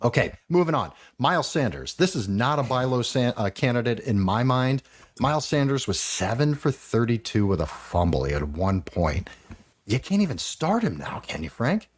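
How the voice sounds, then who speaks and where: A man hosting a fantasy football podcast, talking in animated, rambling casual chat with the odd swear. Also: medium pitch, normal speed, slightly rough.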